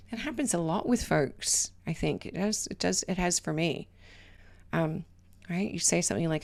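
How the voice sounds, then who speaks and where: A podcast host with a low-ish, creaky, slightly mellow voice talks at a normal speed. She gives casual life advice conversationally, tacking "right?" onto the end of her points and sometimes dropping to a whisper.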